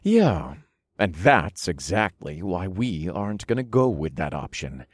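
A smug male supervillain in an audiobook. His voice is very low but lively in pitch, rising and falling as he schemes. The sound is dry and close. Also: measured pace, dry recording, exaggerated voice. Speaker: first-person narrator. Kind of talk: audiobook narration.

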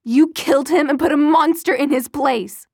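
A woman voicing a terrified, furious mother whose rough voice rises almost to a scream as she shouts through a door. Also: measured pace, dry recording, clean studio sound, full character voice. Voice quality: rough, strained. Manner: shrill, near screaming.

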